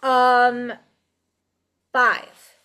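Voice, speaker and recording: Casting: woman player, higher voice, unhurried, playful and childlike in role. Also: monotone, sharp tone, clear, resonant tone. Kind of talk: casual in-character play.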